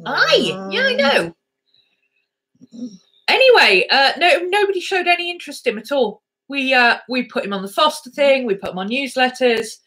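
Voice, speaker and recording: A woman vlogging at home tells a fond story about her rescue dogs, her high voice animated, a bit bright, and fairly quick with few pauses. She's chatty throughout and slips into baby-talk with the dogs.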